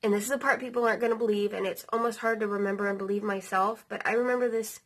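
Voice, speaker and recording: A woman's voice: mid-range voice, fairly even intonation, very fast. A woman in her thirties telling a personal story in a casual, rambling way, full of fillers and the odd swear word, emotional at times. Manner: emotional, near tears. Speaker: vlogger.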